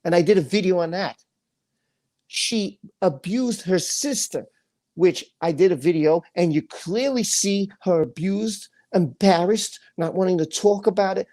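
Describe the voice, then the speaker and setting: A livestream host rants angrily and with deep feeling, repeating phrases and reading chat comments aloud. His voice sits high and is a little mellow, and he speaks unhurriedly.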